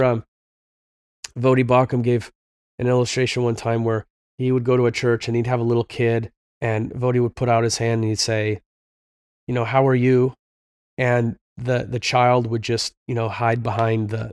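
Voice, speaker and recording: A man's voice: medium pitch, little pitch movement, moderate pace, darkish tone, no room sound. Earnest middle-aged man, dry close sound. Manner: earnest, preachy storytelling with fillers. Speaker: podcast host. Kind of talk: conversational Christian parenting talk.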